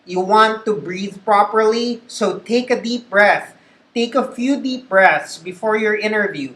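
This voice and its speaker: Slow-talking Filipino man in an echoey room. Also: high-pitched, fairly bright tone. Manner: patient, repeats key points. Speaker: call center trainer. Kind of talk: instructional talk.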